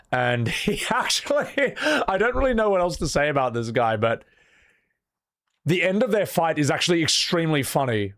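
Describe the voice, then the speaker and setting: A man hosting a casual livestream, telling a story in an animated way with lots of fillers. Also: medium pitch, no echo, clean studio sound. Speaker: show host.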